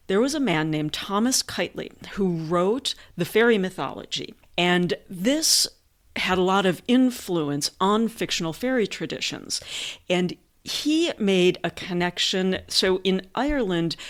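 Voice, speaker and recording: A woman hosting a podcast, giving an educational monologue in a measured, unhurried storytelling manner with occasional fillers. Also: on the low side. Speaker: podcast host.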